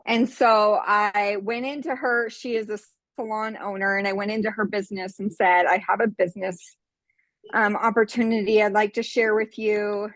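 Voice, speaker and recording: A woman in her forties tells a long story on a video call, talking in quick bursts. She is a little out of breath. Her voice has a middle pitch and a dry, close sound. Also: fairly even intonation, a bit bright, no echo. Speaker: team member sharing tips. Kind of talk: casual video call chat.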